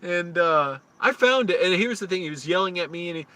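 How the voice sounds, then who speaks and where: A man's voice: high-pitched, animated, fairly quick, pushed and bright. A man live-streaming outdoors, telling rambling anecdotes with restarts, his voice rising when he retells arguments. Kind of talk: casual live-stream storytelling.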